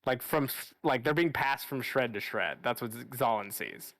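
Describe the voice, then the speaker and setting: A man's voice: medium pitch, a bit bright, dry recording. Dry-sounding man running a tabletop game. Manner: casual, halting with restarts and fillers. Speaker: game master.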